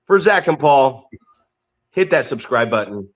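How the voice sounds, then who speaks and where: A man's voice: medium pitch, unhurried. A man co-hosting a podcast in a casual, joking, profane way. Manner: animated, profane, jokey. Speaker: podcast co-host.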